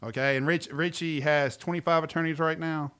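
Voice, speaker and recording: Male podcast co-host, animated and jokey, a bright forceful voice that sits a little high. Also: fairly quick, smooth. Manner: animated, jokey, interrupts often. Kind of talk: casual podcast chat.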